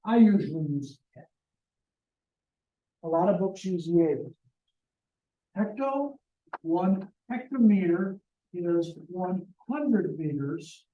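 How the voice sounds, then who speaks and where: Joking man teaching math slowly. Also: sits high, expressive, warm tone, roomy sound, far from the mic, dull audio. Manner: joking, talks to students directly. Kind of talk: classroom lecture.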